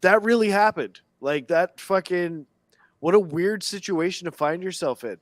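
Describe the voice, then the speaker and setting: A man telling a story on a podcast, animated and profane, laughing often. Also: sits high, moderate pace, no room sound. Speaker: podcast guest. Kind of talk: casual storytelling chat.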